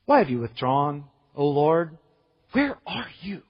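Brief: male pastor, emphatic sermon delivery, slightly high, husky voice, long hall reverb, muffled audio. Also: very animated, a little slow. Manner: emphatic preaching with dramatic scripture reading.

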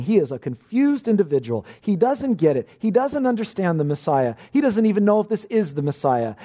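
A man's voice: high-pitched, warm tone. A man preaching an expository sermon, emphatic, often repeating words and restarting phrases as he presses a point.

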